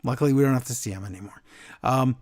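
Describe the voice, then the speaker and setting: A man hosting a wrestling podcast, recapping the show in an animated way and acting out quotes. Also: medium pitch, fast. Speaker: podcast host. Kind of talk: casual chat recapping wrestling.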